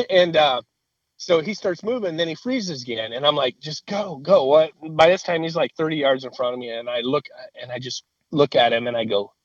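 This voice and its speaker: A man telling a lively story in casual chat, with a fairly high voice that climbs when he laughs. He swears freely. The sound is dry and a little muffled, with no room echo.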